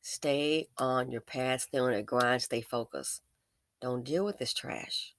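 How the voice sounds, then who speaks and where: A woman's voice: rumbling low, slow pace. Emphatic, preachy woman vlogger. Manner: emphatic, preachy, talks straight to viewers. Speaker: vlogger, business owner. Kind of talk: commentary vlog, advice to viewers.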